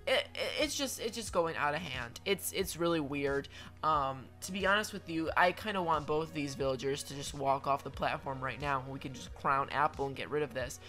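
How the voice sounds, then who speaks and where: A man's voice: a little high, moderate pace, bright, forceful tone, soft background music. A young man giving chatty, playful commentary over a video game, with lots of stammered restarts and mock-dramatic asides. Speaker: gaming commentator.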